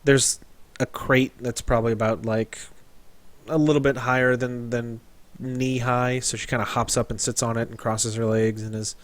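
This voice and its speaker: A man narrating a tabletop game as game master, describing scenes in a loose, halting way. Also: medium pitch, flat delivery, no room sound.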